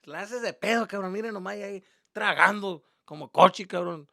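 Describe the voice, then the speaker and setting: A man performs a full character voice of his gruff, teasing Mexican dad, pitched above his own voice. It is high, bright, forceful and a little fast, scolding in a mocking mood and mixing Spanish and English. The recording is dry and clean, studio quality.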